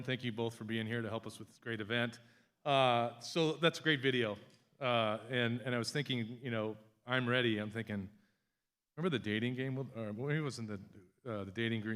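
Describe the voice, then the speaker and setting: A man who is an economic development director, giving an energetic, enthusiastic speech to an audience. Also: mid-range voice. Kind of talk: public speech.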